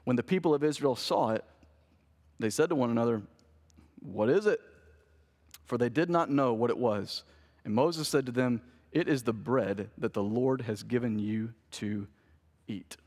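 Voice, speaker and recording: A man, a pastor, delivering an animated sermon and asking the congregation rhetorical questions. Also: medium pitch, normal speed, long pauses, breathy edge, big-room sound.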